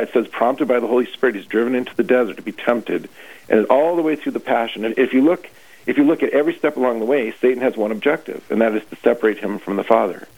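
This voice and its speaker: A man, a priest leading a retreat, preaching earnestly on a radio show and often restarting his phrases. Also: mid-range voice. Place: radio broadcast. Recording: tinny phone-like radio line.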